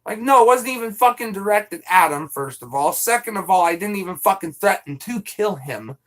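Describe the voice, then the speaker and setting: A man's voice: high-pitched, lively intonation, a little fast, fairly bright tone. A young man streaming live, chatting casually and venting with lots of swearing and rambling asides.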